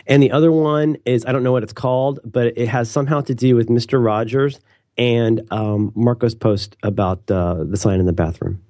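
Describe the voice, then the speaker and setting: A man co-hosting a casual podcast chat, rambling and teasing his co-host, with lots of restarts and an animated delivery. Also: mid-range voice, moderate pace, no echo. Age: adult with a daughter.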